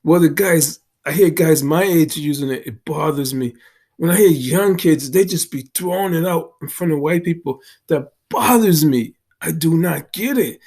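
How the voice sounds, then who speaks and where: Man in his sixties, from Boston, slightly high voice, earnest storytelling vlog. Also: moderate pace, a little mellow, husky. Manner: earnest, emphatic, repeats for stress. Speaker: vlogger. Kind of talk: casual storytelling monologue.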